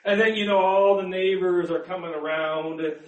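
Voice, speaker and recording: A man's voice: sits high, steady tone, normal speed, echoey room, recorded from a distance, highs cut off. A man preaching a sermon in an earnest manner, repeating words as he builds to emphatic peaks. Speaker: pastor.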